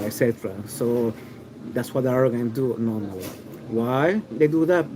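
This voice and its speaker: This online video host is a man with a mid-range voice and a mixed New York City accent. Over a rough recording, he rambles opinionatedly on a livestream, restarting often and leaning on fillers.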